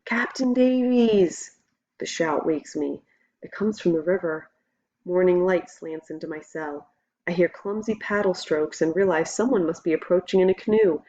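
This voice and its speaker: Woman reading a story aloud, lowish voice, kinda muffled lo-fi sound. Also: fairly even intonation, moderate pace, mellow. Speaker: audiobook narrator. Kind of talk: first-person novel narration. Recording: dull lo-fi recording.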